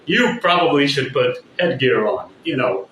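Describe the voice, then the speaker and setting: A man's voice: mid-range voice, lively intonation, unhurried, fairly bright tone, echoey room, slight background noise, poor audio. A man ranting on his vlog in a rambling, heated way, full of swearing. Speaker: vlogger. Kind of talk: casual vlog rant.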